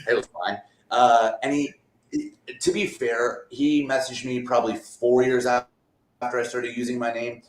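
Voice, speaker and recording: A guest magician on a remote call from a borrowed apartment tells rambling stories in a laid-back, casual interview chat. His mid-range voice shows little pitch movement at a moderate pace, and the room gives a roomy echo.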